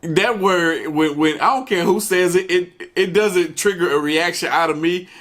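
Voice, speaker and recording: A man's voice: sits high, normal speed, a bit bright. A man hosting a reaction video, chatting casually and commenting between parts of a clip. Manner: laid-back, chatty, interjects with asides.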